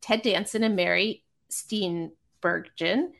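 A woman, a podcast guest, telling stories in a casual, animated, self-deprecating way with many restarts. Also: mid-range voice, slow pace, vocal fry. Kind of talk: casual storytelling.

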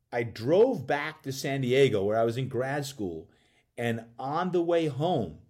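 A man, a coach and podcast guest, telling a personal story in an animated way and acting out bits of dialogue. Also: mid-range voice, slightly rough. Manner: acts out dialogue in quick voices.

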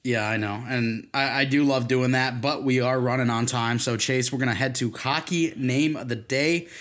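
A man's voice: mid-range voice, steady tone, moderate pace, fairly bright tone. A man co-hosting a sports podcast in casual chat, easygoing and teasing. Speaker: podcast co-host.

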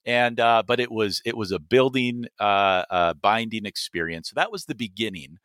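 A man with a fairly low voice tells a long story as a podcast guest, often restarting his sentences and voicing the people he quotes. His tone is bright and forward, and the sound is close and dry. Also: normal speed, clear, resonant tone, no echo. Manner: earnest, many restarts and quoted dialogue. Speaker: missionary guest.

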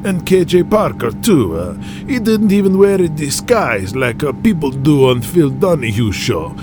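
A man's voice: a little high, big pitch swings, unhurried, over music. A man voicing a foul-mouthed, bossy male wrestling promoter who speaks broken English and barks orders. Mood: outraged.

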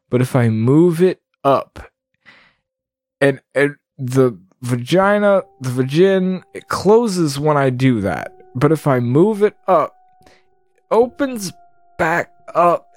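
A man commenting casually on a game, rambling and swearing as he reacts. He speaks slowly, and his pitch moves a lot. He sounds unfiltered and disgusted. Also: darkish tone, no room sound. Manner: rambling, profane, disgusted asides. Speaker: let's play gamer.

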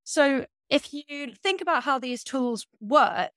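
Brief: woman podcast co-host, slightly high voice, articulate and wry, dry close studio sound. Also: slow pace, a bit bright, no echo. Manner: articulate, critical, lightly wry. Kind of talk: casual conversational podcast discussion.

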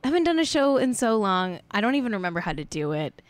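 A woman's voice: mid-range voice, sing-song, fast talker, dry recording. A woman hosting a casual live-streamed show, joking around and riffing playfully. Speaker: show host.

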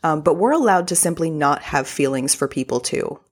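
Low-voiced woman podcast host. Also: lively intonation, normal speed, slightly rough. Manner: upbeat and gushing, with filler words. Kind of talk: casual podcast monologue.

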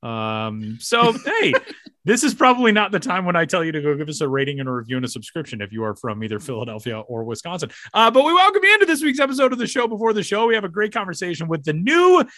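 A man hosting a casual podcast, joking around and quick to laugh. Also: sits high, dry recording, studio quality. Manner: jokey, animated, quick to laugh. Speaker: podcast host.

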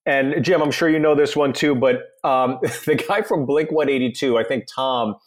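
A man telling an anecdote in a casual podcast chat, starting haltingly and laughing as he goes. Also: mid-range voice. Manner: halting, laughing into his story. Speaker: guest comedian. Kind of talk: casual storytelling.

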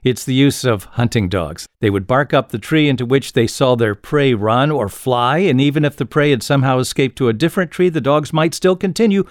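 A man's voice: mid-range voice, fairly quick, few pauses, dry recording, clean studio sound. A man hosting a casual trivia podcast, telling stories with frequent chuckles. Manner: storytelling, chuckles often. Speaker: podcast host.

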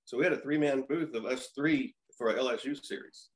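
A man in his fifties, a former pitcher, telling stories as a podcast guest and acting out quoted lines. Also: a little fast. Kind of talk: casual storytelling.

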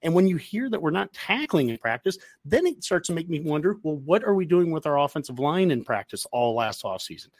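A man co-hosting a sports podcast, talking in a casual, animated way and getting worked up as he goes. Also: fairly high pitch, fairly quick, few pauses, dry recording. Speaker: podcast co-host.

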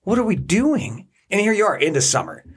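A man co-hosting a casual podcast who vents in an exasperated, animated way. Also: sits high, brisk, breathy edge. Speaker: podcast co-host, parent. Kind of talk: casual chat.

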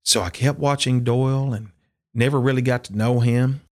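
Here a man with a medium-pitched, darkish voice talks at normal speed with fairly even intonation. He's a country and bluegrass singer from Upper Cumberland, Tennessee, spinning stories in an interview and animatedly performing the quotes.

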